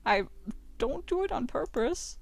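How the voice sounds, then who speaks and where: A woman reading the lines of a sincere, nervous dad from a dating game, softly and haltingly. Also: high-pitched, lively intonation, vocal fry, full character voice. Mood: earnest.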